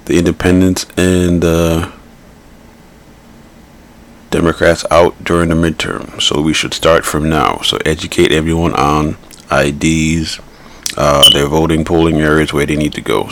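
Very deep, gravelly male podcast host. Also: fairly even intonation, unhurried, fairly bright tone. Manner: blunt, rambling, repeats himself. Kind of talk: casual political commentary.

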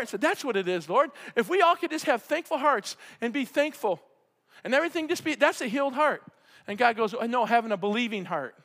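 A man preaching a sermon, fervent and often yelling with excitement. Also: extremely high pitch. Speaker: pastor. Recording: preacher in a hall with long reverb.

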